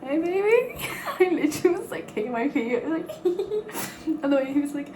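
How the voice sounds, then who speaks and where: A woman's voice: sits high, animated, fairly quick. Young Northern Irish woman, chatty book vlogger, swears freely; echoey room, background noise. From Northern Ireland. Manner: chatty and giggly, swears freely, talks in bursts. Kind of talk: casual chat to camera. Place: bathroom at night.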